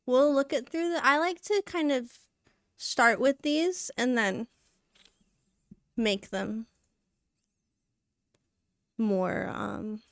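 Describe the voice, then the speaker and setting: A woman live-streams while working, chatting and rambling casually, narrating what she's doing and sounding slightly out of breath. Her voice sits high, with drawn-out words, frequent pauses, and a clean tone. The recording is dry and of studio quality.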